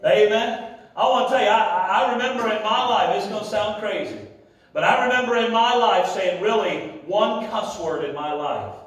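A man preaching a sermon as pastor, with a Midwestern American accent, shouting in bursts and drawing amens back from the congregation. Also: high-pitched, moderate pace. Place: large church sanctuary. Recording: echoey hall, heard from far off. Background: congregation calling amen.

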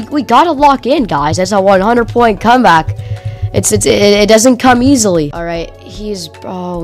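Hosting a gaming channel, this woman comments on gameplay loosely and with lots of slang. Her medium-pitched voice gets a little strained as she shouts and cheers over the action.

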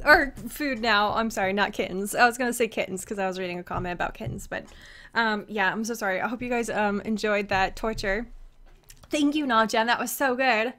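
A woman's voice: a little high, fairly bright tone. A woman streamer gushing in a casual live-stream chat while eating, giggly and talking with her mouth full.

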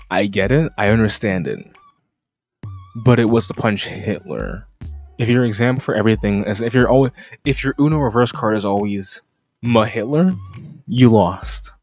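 A man's voice: lowish voice, darkish tone, highs cut off. A young man streaming casual reactions to comics, sarcastic and rambling, swearing often. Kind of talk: casual profane reaction commentary.

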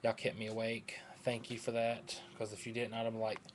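A man's voice: on the low side, completely flat delivery, a little fast, slight background noise. Hyper, sleepy man rambling on webcam. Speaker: vlogger. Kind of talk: rambling casual webcam chat.

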